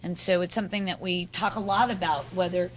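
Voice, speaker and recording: A woman's voice: on the low side, steady tone, a little fast, poor audio. A woman moderating an author panel, encouraging students to ask questions. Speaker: moderator and instructor.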